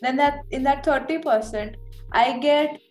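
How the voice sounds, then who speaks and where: A woman's voice: sits high, measured pace, reverberant, soft background music. A woman co-hosting a casual podcast chat, playful and talkative, full of "like". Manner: chatty, playful, lots of "like". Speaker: podcast co-host.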